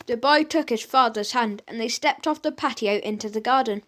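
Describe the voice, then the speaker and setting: A woman narrating a children's audiobook in an expressive storytelling manner. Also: fairly high pitch, normal speed.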